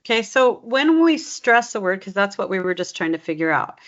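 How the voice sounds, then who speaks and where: A woman working as a dialect coach, patiently explaining stress and pitch and demonstrating phrases aloud. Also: sing-song, fairly quick, fairly bright tone. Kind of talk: coaching session. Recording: slightly dull lo-fi recording.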